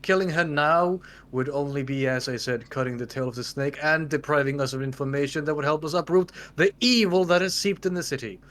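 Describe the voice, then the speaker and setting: A man voicing an authoritative adventurer who makes formal, deliberate speeches. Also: a little high, a bit bright, natural voice.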